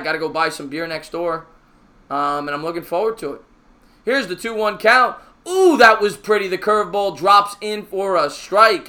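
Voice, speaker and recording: Hosting a live stream, a man gives fan play-by-play of a baseball game. Between pitches he chats and answers viewer comments, raising his voice excitedly whenever a big play happens.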